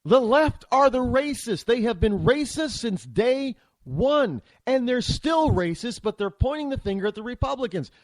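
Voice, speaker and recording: Guy ranting politics on his show, rambly and heated, high voice swinging all over. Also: animated, normal speed, few pauses, no echo. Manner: heated, opinionated, rambling with frequent restarts. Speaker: talk show host. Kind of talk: political commentary monologue.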